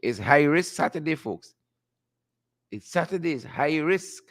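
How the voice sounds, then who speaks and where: A man's voice: a little high, expressive, a little slow, fairly bright tone. A man hosting a live-stream call-in show, playful and chuckling, who keeps repeating his catchphrases. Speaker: host.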